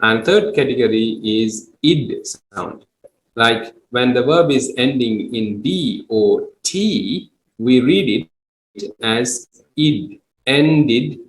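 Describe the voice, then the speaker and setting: A man teaching English grammar in a classroom, slow and patient as he works through example after example. His voice sits at an ordinary middle pitch. The room gives it a noticeable echo. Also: animated, a little hiss or hum. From Sri Lanka. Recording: echoey room.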